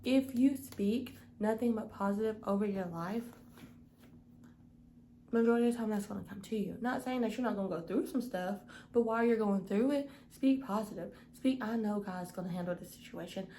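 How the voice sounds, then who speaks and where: Young woman leading a casual Bible study, earnest and conversational, medium pitch, light background hiss. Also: brisk, mellow, low-quality recording. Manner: earnest, repeats "okay?" to the listener. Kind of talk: casual devotional teaching.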